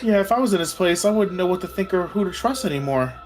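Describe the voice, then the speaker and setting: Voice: medium pitch, animated, fast talker. A co-streamer reading a visual novel aloud and joking in easygoing chat.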